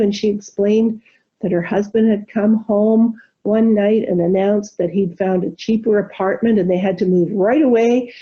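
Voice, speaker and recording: A woman minister giving a gentle, reflective sermon, telling a story and leading soft spoken affirmations. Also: medium pitch, steady tone, moderate pace. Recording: dull lo-fi recording.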